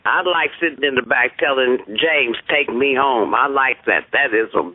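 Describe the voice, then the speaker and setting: A man's voice: medium pitch, moderate pace, no room sound. A man calling in to a casual radio chat, playful and joking. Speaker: caller. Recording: phone-line radio audio.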